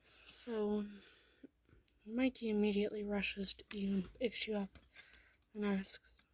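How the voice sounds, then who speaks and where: A woman's voice: mid-range voice, level tone, slow pace, long pauses, darkish tone, husky, no room sound. A woman reading a second-person fan story aloud, often in a half-whisper.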